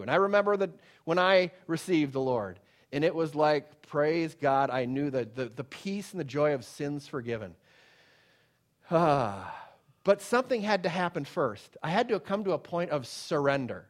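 A middle-aged male pastor preaching a sermon, swinging from loud emphatic declarations to hushed, soft pleading. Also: fairly high pitch, lively intonation, moderate pace.

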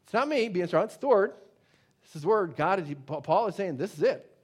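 A man preaching a sermon, emphatic and conversational, swinging between loud declarations and quiet asides. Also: sits high, lively intonation, brisk. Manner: emphatic preaching, rising and dropping in volume; conversational asides with many fillers. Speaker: pastor.

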